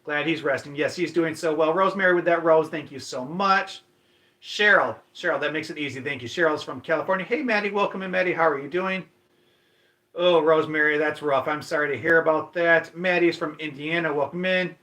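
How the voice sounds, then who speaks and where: A man's voice: on the high side, fairly quick, pushed and bright. Upbeat man hosting a dog livestream. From Michigan. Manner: chatty, upbeat, greets viewers by name. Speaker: livestream host. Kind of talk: casual livestream chat, reading viewer comments.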